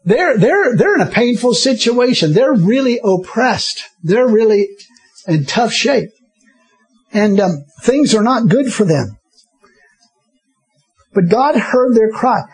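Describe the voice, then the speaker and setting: Husky high-voiced preacher man. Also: sing-song, takes it slowly, long pauses. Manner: chuckling often, interjecting hallelujahs, repeating himself. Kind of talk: sermon.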